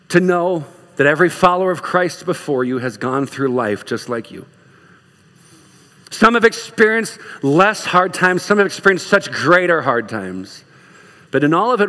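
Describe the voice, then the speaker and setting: A man preaching a sermon as pastor, lively and urgent, dropping at times to soft, hushed lines. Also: on the high side. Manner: animated, swings from loud urging to soft hushed lines. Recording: long reverb of a large hall.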